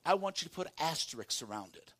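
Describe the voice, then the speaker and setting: A high, animated male pastor preaching a sermon, his voice bright and forceful. He swings from a hushed near-whisper up to full shouts and calls the congregation to answer back. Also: quick pace.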